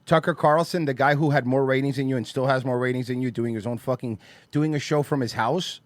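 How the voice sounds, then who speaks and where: A man's voice: medium pitch, brisk, no echo. A man hosting a casual podcast, telling stories and swearing freely. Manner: profane, animated storyteller who acts out quotes. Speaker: podcast host.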